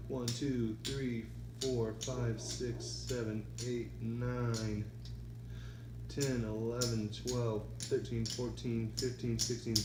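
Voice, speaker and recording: A man's voice: medium pitch, echoey room, noisy background. A man talking casually while throwing dice at home, rambling between throws and counting results aloud. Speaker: craps vlogger. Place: indoors at a home dice-practice setup.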